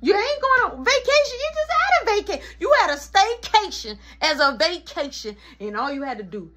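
A fed-up mother who lays into her son with sarcasm and threats, as a woman acts her out. Her voice is bright, high and lively, and she swings from clipped warnings to long, heated rants. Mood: scolding. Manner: scolding, sarcastic, rapid threats. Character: stern scolding mother of a teenage son.

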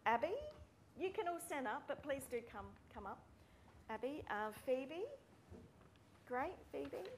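A woman, a speech pathology lecturer giving a friendly, brisk welcome talk to students and calling out names. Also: high-pitched, animated, slight background noise. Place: university room with students.

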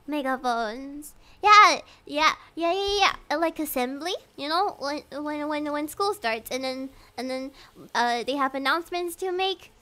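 A woman's voice: high voice, expressive, measured pace, sharp tone. A young woman from Singapore, streaming and chatting casually, giggly and rambling, often laughing. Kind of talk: casual livestream chat.

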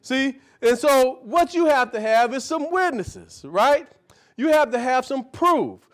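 With an extremely high pitch and lively intonation, a man preaches a little slowly to a small live group. He teaches scripture folksily, checking in with "see?" and "right?", repeating key words rhythmically, and echoing each phrase as he leads a reader through the verses.

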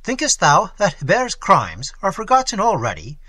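A man voicing a burly revolutionary Jacobin, a loud and mocking bully. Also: high voice, wildly swooping pitch, normal speed, breathy edge, no room sound, voice pushed up, full character voice. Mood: scornful.

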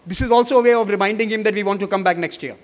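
A middle-aged man giving formal welcome remarks at a conference, measured, with many fillers when he speaks off the cuff. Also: sits high. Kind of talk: formal welcome speech, partly read, partly ad-libbed.

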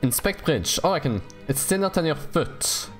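A young man giving casual, jokey let's play commentary on a horror game, rambling and squealing up high when excited. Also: normal speed. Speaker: gaming YouTuber. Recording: faint game music behind.

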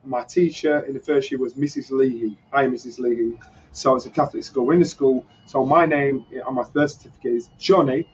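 A man with a Yorkshire accent, a guest on a casual chat show, telling an animated story about his past. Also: mid-range voice, fairly quick, dull audio. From Yorkshire, England. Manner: animated storyteller, acts out voices in anecdotes. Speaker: guest, former boxer.

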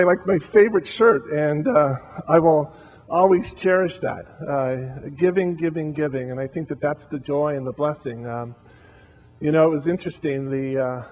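Man, pastor, memorial eulogy, heartfelt, halting, somewhat high voice. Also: a little mellow, low-quality recording.

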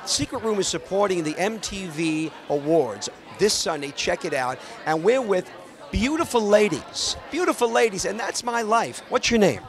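High-voiced showy male host. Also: lively intonation, normal speed. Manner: flirty, showy, jokey. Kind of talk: event interview.

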